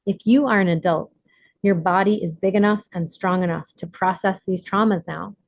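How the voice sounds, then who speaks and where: A woman reading her own self-help book aloud in an earnest, measured, deliberate way. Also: mid-range voice, no room sound, lo-fi sound.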